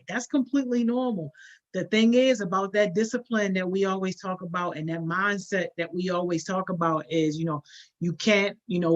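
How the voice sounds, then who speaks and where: A woman's voice: mid-range voice, fairly bright tone, muffled recording. A woman hosting a casual live stream, greeting viewers by name and encouraging them in upbeat, slangy talk. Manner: encouraging, motivational. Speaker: host of a youth program livestream.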